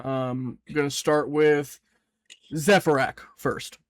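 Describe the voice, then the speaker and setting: A man with a high, light voice hosts a tabletop session as game master. He talks slowly and easily, laughing often, and sounds close and dry, with no room around him. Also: fairly even intonation, no room sound. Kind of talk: casual chat before a tabletop game.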